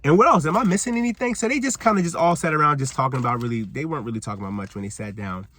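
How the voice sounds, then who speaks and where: A man's voice: a little high, very fast, fairly bright tone. Rambling man recapping a TV episode. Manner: rambling, heavy on "like" and "you know". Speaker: TV recap vlogger. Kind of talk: casual reality-TV recap rant. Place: outdoors. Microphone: camera he is holding or propping up.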